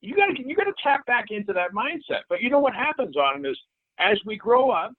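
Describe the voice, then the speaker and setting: A man's voice: very high-pitched, big pitch swings, a little fast, no echo. A middle-aged man as a podcast guest in casual interview chat, swearing freely and repeating himself as he talks. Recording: tinny phone-like line, dry.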